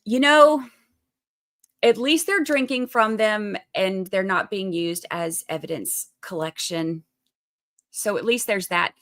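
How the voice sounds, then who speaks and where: Southern woman from Georgia, livestream host; bright, forward tone, chatty, explains things plainly. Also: mid-range voice, slow. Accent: Southern American (Georgia). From Georgia, USA. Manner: chatty and upbeat, explains court steps plainly. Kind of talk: casual livestream commentary, reading viewer chat. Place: indoors, away at the beach this week.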